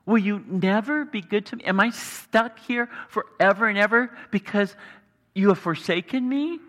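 A man preaching a sermon, earnest and explanatory, pausing for emphasis. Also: high-pitched, a bit bright. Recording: long hall reverb.

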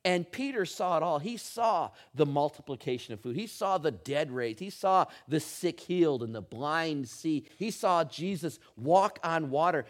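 A middle-aged man preaching a sermon, telling a funny personal story with animated, humorous delivery. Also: on the high side, normal speed, hardly any pauses. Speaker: pastor.

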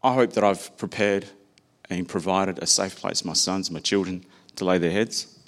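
Man preaching a sermon, low voice. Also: steady tone, moderate pace. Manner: personal, conversational preaching with anecdotes.

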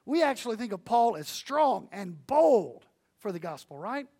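A man preaching a sermon, earnest and animated, swinging between hushed and loud, with folksy storytelling and asides to the audience. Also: high-pitched, moderate pace, slightly rough. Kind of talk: sermon on evangelism.

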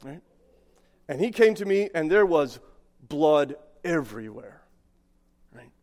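A man in his thirties preaching a sermon as pastor, conversational, with frequent "right?" asides and quick restarts. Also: fairly high pitch, very animated, darkish tone. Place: church sanctuary. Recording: long hall reverb from a sanctuary PA.

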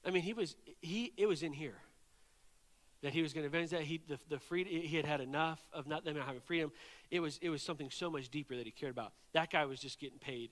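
A man preaching a sermon, telling a story in an animated way and often checking in with "right?" and "okay?". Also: on the high side, a little fast, in a large hall.

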